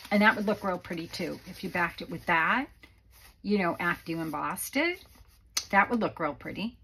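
Chatty woman with a gravelly voice. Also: fairly low pitch, animated, moderate pace, pushed and bright, a little hiss or hum, poor audio. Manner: chatty, rambling, many fillers. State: out of breath. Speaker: craft channel host. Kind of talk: casual craft tutorial. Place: home craft room.

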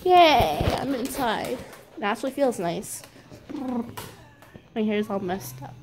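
A woman's voice: on the high side, animated, slow pace, pauses often. A woman vlogging casually to her viewers and her dog, playful and giggly, calling herself weird. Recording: noisy home video with wind.

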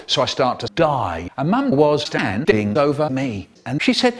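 Lively, animated male storyteller. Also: fairly high pitch, measured pace, few pauses, faint music behind. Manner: animated, expressive performer of a children's story. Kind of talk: comic storytelling, chopped and remixed.

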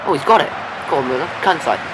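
A high-voiced man calls out his own football video game as he plays, cheering, groaning and swearing at the players. The recording is noisy, with a steady hiss of background sound under his voice. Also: racing. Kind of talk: live gameplay commentary.

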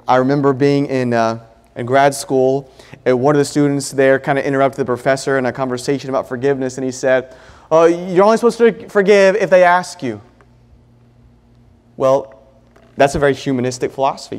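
A man preaching a sermon in a church, earnest and emphatic, repeating points and pausing often. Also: medium pitch, fairly even intonation, a little mellow, long reverb tail. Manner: earnest, emphatic, with pauses and repetition. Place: church sanctuary.

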